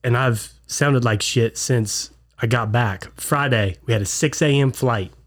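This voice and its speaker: In a casual podcast chat, a co-host speaks a little slowly in a mid-range voice that sounds stuffed up because of a clogged ear. His storytelling is loose, and he voices the quotes of the people involved.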